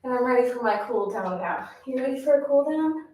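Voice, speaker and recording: Here a woman with a high, somewhat dark voice and lively intonation leads a pilates class a little quickly. She counts reps and encourages her students, a bit winded, and the distant mic picks up an echoey room.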